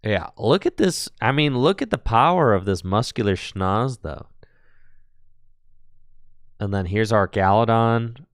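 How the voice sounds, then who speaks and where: Chatty low-voiced man commentating. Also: expressive, measured pace, pauses often, no room sound, studio quality. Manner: chatty and playful, laughs often, answers chat. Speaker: tournament stream commentator. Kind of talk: casual live-stream commentary.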